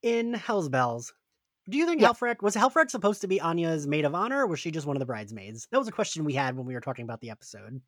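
A woman's voice: sits low, very animated, quick pace, dry recording, studio quality. A woman hosting a podcast, asking guest questions in a friendly, casual way and laughing often. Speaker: podcast host.

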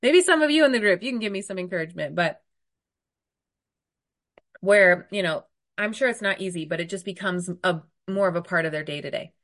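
A woman in her thirties coaching an online group on weight loss, talking bluntly and often checking in with "okay?", a little hoarse from a cold. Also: lowish voice, animated, fairly quick, a bit bright. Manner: direct, emphatic, frequent "okay?" check-ins. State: getting over a cold, occasional cough.

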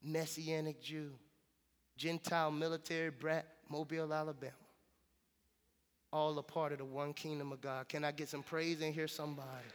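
Male pastor, high-pitched, casual conversational sermon delivery; church hall reverb. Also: flat delivery, moderate pace. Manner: conversational, storytelling with casual slang. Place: church sanctuary.

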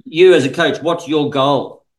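A man's voice: on the high side, measured pace, low-quality recording. A man, a swimming coach, talking casually on a podcast in a rambling, unpolished way. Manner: rambling, many fillers and restarts. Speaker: swim coach guest.

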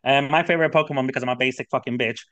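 A man's voice: mid-range voice, racing, fairly bright tone, no echo, lo-fi sound. A man appearing as a podcast guest from home on a video call, chatting bluntly and casually. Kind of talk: casual chat.

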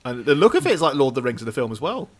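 A man's voice: medium pitch, big pitch swings. A man co-hosting a podcast, chatting easily about a film and laughing often. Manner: easygoing, quick to laugh. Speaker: podcast co-host. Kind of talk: casual film chat.

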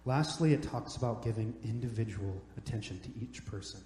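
A man's voice: fairly low pitch, brisk, mellow. Casting: young male pastor, joking storyteller, big church reverb. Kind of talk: sermon. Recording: echoey hall, long reverb.

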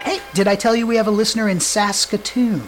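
A man's voice: high-pitched, steady tone, quick pace, loud music behind the voice, rough recording. A young man co-hosting a casual podcast, teasing his partner and often breaking into laughter. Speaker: podcast co-host. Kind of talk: casual chat.

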